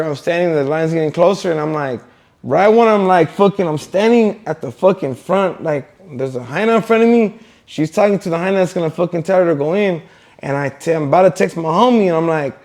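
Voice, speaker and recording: A man, his voice pitched a little high, tells a story in a loose, rambling way. Curse words and fillers pile up as he goes, in casual interview talk. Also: expressive, fairly quick, darkish tone. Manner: profane, rambling with many fillers. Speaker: interview guest.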